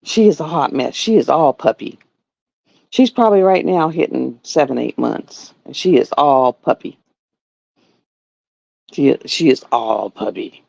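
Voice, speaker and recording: A woman's voice: very deep voice, lively intonation, unhurried, creaky, long pauses, a little mellow, no echo, dull audio. A woman from the chatting casually at home on a live stream, rambling and repeating herself. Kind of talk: casual chat. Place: home with pets.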